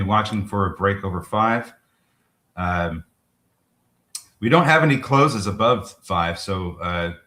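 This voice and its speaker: A man co-hosting a live trading show, talking through charts in a chatty, halting way. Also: low-pitched, sharp tone. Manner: chatty, halting, restarts with fillers, quick laughs. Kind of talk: live market commentary. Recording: roomy echo.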